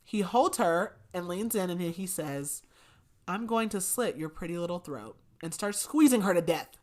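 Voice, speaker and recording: A woman's voice: on the low side, lively intonation, normal speed, a little mellow. A woman co-hosting a podcast, chatty, retelling a story with lots of filler words. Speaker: podcast co-host. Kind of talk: casual book recap chat.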